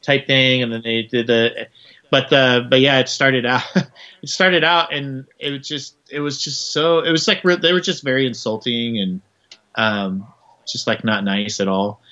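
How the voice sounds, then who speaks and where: A man in a loose, casual interview, telling band stories in a rambling way and leaning on filler words. His voice sits at an ordinary pitch. The recording sounds dull and lo-fi. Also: steady tone, measured pace, pushed and bright. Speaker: musician guest.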